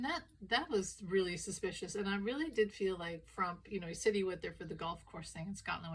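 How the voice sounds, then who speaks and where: A woman's voice: mid-range voice, low-quality recording. A woman giving casual political commentary, retelling stories animatedly and acting out the quoted lines. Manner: animated storyteller, acts out quoted dialogue.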